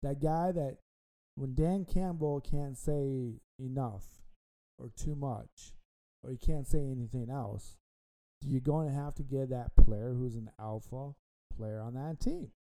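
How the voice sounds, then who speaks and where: A man's voice: medium pitch, unhurried, dark tone, low-quality recording. A man hosting a casual sports podcast, rambling and repeating himself with frequent ums. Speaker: podcast host.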